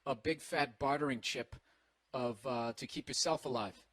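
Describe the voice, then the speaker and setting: Recorded on a single microphone without headphones in a hotel room, a male host rants on a casual comedy podcast. His medium-pitched, fairly bright voice moves at a moderate pace, profane and sarcastic, as he acts out quoted voices. There's no echo.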